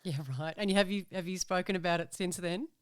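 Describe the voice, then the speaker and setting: A woman hosting a podcast, asking curious follow-up questions in a gentle, reassuring way. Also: fairly low pitch, steady tone, fast talker, clear, resonant tone, dry recording, studio quality. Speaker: podcast host. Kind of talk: casual interview.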